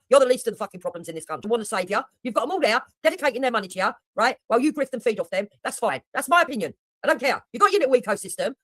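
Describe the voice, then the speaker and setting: A woman livestreamer tears into another streamer, blunt, mocking and swearing constantly. Her voice sits fairly high and swings widely as she talks quickly. The sound is dry and close. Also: fairly bright tone, no room sound. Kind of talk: heated reaction commentary.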